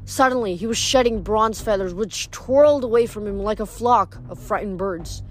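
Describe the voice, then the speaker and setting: A woman's voice: mid-range voice, moderate pace, soft background music. A woman reading chapters of a novel aloud, often stumbling over words and restarting. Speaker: reader.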